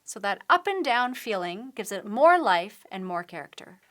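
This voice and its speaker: A woman's voice: medium pitch, very animated, normal speed. A woman piano teacher giving a patient, step-by-step tutorial, explaining techniques while she demonstrates at the keyboard. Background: piano playing.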